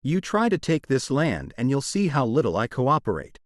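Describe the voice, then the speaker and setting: A man reading the lines of a gruff, hard-edged rancher who is fiercely protective, in a clipped way. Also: medium pitch, wildly swooping pitch, moderate pace, no room sound, studio quality.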